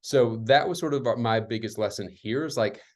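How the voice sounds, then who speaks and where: A man's voice: mid-range voice, normal speed, a little mellow. A man speaking on an online community call, reflective and loose, with many fillers like "um" and "like". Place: worked at retreat centers.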